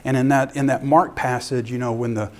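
A man giving a sermon-style ministry talk as an animated storyteller who acts out scenes. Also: medium pitch, fairly quick. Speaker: ministry speaker.

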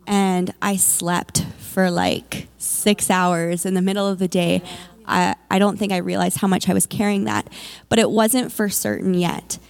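A woman's voice: medium pitch, little pitch movement, measured pace, creaky, clear, resonant tone. A woman, a mother, tells her personal faith testimony candidly, with plenty of fillers. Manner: candid storytelling with many fillers.

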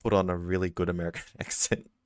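Low-pitched man, casual rambling chat, dry close sound. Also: little pitch movement, fast talker, no room sound. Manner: rambling, thinks aloud with many fillers. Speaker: film discussion participant.

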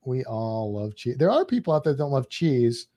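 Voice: medium pitch, very animated, normal speed, dark tone. Chatty livestream co-host. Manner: chatty and rambling, with fillers and mild exclamations. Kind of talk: casual livestream chat, reading viewer comments aloud.

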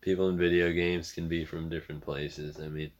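Very deep-voiced laid-back man. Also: little pitch movement, brisk, dull audio, crowd noise. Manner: laid-back, agreeable, short replies and jokes. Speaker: podcast co-host. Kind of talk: casual chat.

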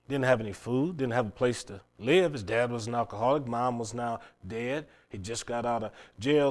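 Stammering preacher telling a sermon story. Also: male voice, medium pitch. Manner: animated storytelling with frequent stammered restarts.

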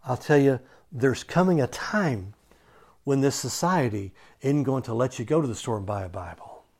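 A man delivering a sermon, reading scripture passages and then preaching on them in his own words. He moves between loud, emphatic stretches and hushed, near-whispered lines, often restating a word two or three times to drive the point home. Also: medium pitch, lively intonation, moderate pace. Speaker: pastor.

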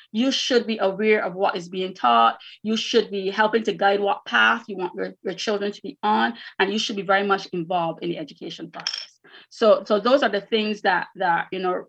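A woman's voice: medium pitch, fairly bright tone, slightly rough. Earnest woman educator in a lo-fi interview. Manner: earnest, repeats words while finding them. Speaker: educator and academy founder. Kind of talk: interview answers.

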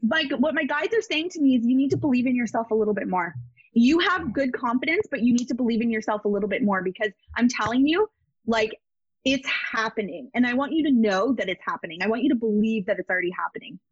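A woman's voice: fairly high pitch, lively intonation, fast, slightly rough, dry recording, highs cut off. A woman giving a casual psychic reading as a guest, emphatic and repetitive, with many fillers, over a video call.

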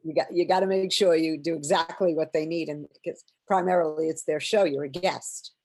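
An older woman, a stage singer, telling lively anecdotes in an interview, acting out quotes and laughing often. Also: sits low, fairly quick. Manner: animated storyteller, acts out quotes, laughs often.

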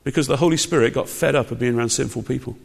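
Preacher, emphatic, in a reverberant hall. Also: male voice, mid-range voice, very fast, vocal fry, breathy edge. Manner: emphatic, conversational preaching with rhetorical questions. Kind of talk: sermon.

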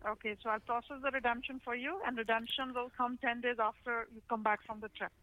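A customer service agent on a phone call, talking in a brisk, businesslike way. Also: mid-range voice, level tone, slight background noise. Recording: tinny phone line.

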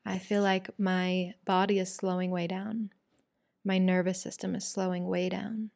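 A young adult woman teaching a guided breathwork lesson, calm and soft-spoken, then candid and casual as she explains. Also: lowish voice, unhurried, gravelly, no room sound, studio quality.

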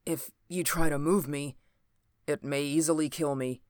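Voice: medium pitch, steady tone, a little slow, a little mellow, no echo, close to an everyday voice. A reader voicing a wounded middle-aged man who is dying and speaks faintly between urgent pleas, in a dry close recording. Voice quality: faint, gasping.

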